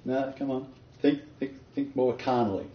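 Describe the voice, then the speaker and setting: A man's voice: mid-range voice, steady tone, normal speed, a little hiss or hum. A man leading an interactive Bible study, quizzing his group and laughing often. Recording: roomy dull lo-fi recording.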